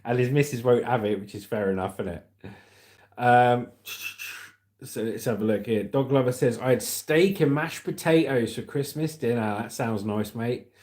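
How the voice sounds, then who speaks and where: Speaking at a normal speed in a medium-pitched, slightly mellow voice, a British man hosts a laid-back livestream. He reads out viewer comments and chats upbeatly, calling people "mate" and "legend."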